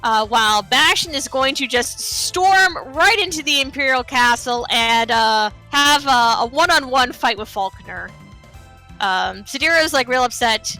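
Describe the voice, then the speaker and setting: A woman speedrunner narrates her live game run in a loose, chatty way, full of fillers and playful asides. Her voice is high and bright. The talk is easygoing and conversational. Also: measured pace, soft background music. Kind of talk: casual live game commentary.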